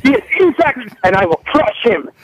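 A man's voice: extremely high pitch, big pitch swings, moderate pace, slight background noise. A man doing a boastful mock-Italian caller. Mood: gloating. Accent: put-on Italian. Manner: megalomaniac threats in broken English. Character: boastful Italian-accented male team boss caller. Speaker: prank caller. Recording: phone line.

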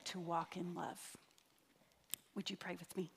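A woman's voice: on the low side, flat delivery, vocal fry, a little hiss or hum. A middle-aged woman giving an earnest sermon in a church, stretching key words out for emphasis. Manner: earnest, drawn-out emphasis, leads the congregation in prayer. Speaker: church speaker. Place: church sanctuary. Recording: reverberant church hall.

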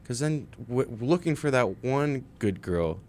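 Young male radio co-host; chatty, rambling delivery, mid pitch, light hum behind. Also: animated, unhurried, a little mellow. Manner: rambling, chatty, laughs often. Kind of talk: casual on-air chat.

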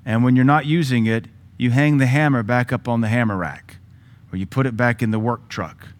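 A male pastor with a Southern American accent preaching a sermon, animated and conversational, with sudden loud commands and mock voices. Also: mid-range voice, a little fast.

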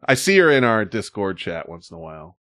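A man's voice: on the low side, big pitch swings, a little fast, a bit bright, dry recording, studio quality. A man co-hosting a stream in rambling, casual talk, swearing often, with loose asides and fillers. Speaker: stream co-host. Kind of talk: casual profane chat.

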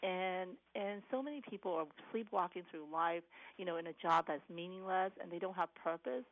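Woman doctor guest, low gravelly voice, earnest with restarts, over a tinny phone line. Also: fairly quick. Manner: earnest, many restarts and "you know". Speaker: cardiologist guest. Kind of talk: interview answers.

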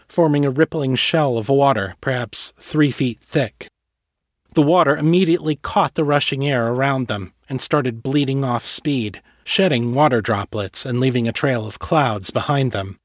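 A man's voice: mid-range voice, no echo, clean studio sound. Man narrating a fantasy story. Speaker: audiobook narrator.

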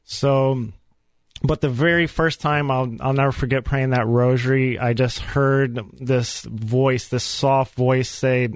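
A man giving an earnest, animated personal faith testimony as a guest on a radio show. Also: medium pitch, takes it slowly, dry recording. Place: radio studio.

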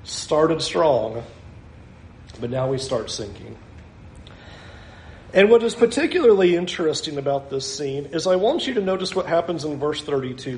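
Slow-talking preacher man in an echoey hall. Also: fairly high pitch, slight background noise. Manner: animated, acts out scenes with laughs. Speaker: pastor. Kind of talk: sermon.

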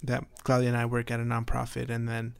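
A man chatting casually, halting and hesitant with many fillers, swearing casually. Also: mid-range voice, completely flat delivery, vocal fry, clear, resonant tone, dry recording. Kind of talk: casual chat.

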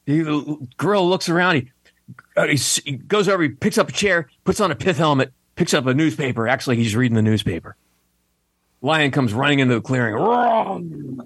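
A middle-aged man spinning street jokes with a voice that leaps up and down in pitch, laughing at his own punchlines. He sounds close and dry, with no room around him. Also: fairly bright tone, no room sound. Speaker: comedian guest. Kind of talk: casual joke-telling.

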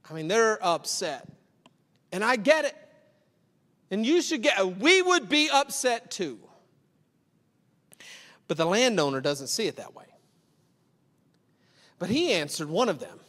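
A man preaching a sermon, acting out both sides of a parable in animated storytelling. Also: high-pitched, measured pace, pauses often. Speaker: pastor. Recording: long hall reverb.

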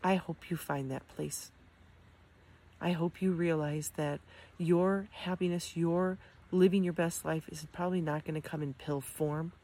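A woman's voice: low-pitched, steady tone, a little slow, warm tone. A middle-aged woman, an amputee, giving a heartfelt motivational talk, earnest and encouraging, with frequent ums and restarts. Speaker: amputee sharing her experience.

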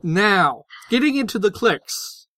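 A man co-hosting a podcast explains linguistics casually and hesitantly, full of fillers and restarts. His voice is high-pitched, very animated, bright and forceful, he speaks slowly, and the recording is dry.

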